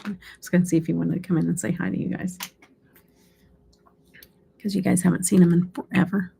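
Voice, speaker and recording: A woman's voice: fairly low pitch, level tone, fairly quick, gravelly, mellow, a little hiss or hum. A middle-aged woman hosting a beauty live stream, chatting casually and laughing often. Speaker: beauty channel host.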